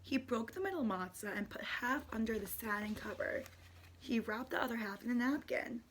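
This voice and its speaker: A woman teacher reading a picture book aloud to a kindergarten class, slow and expressive, adding little asides to the children. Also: a little high, slight background noise.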